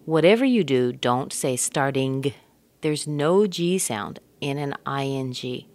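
A low-pitched woman coaches pronunciation at an unhurried pace. She repeats each sound and word slowly to demonstrate it, and the recording is close and dry. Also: expressive, a little mellow, no echo. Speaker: accent coach. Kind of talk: pronunciation lesson.

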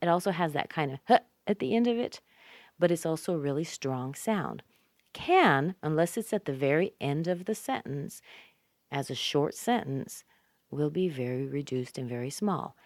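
A woman with a North American accent teaching English pronunciation, repeating example phrases slowly with exaggerated stress. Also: sits low, animated, darkish tone, no room sound, clean studio sound. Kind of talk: scripted pronunciation lesson.

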